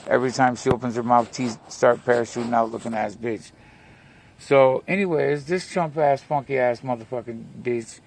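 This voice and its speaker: A man's voice: medium pitch, a little hiss or hum. A man vlogging an angry, profane rant, telling a story packed with insults. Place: home, near a pet cat.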